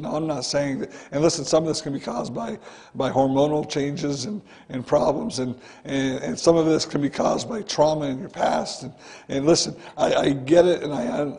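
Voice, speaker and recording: In a church sanctuary, a pastor preaches earnestly and conversationally, as if talking straight to the congregation, often opening with "listen" and repeatedly circling back to address them directly. His voice is slightly raised in pitch, dark, gravelly and full of vocal fry.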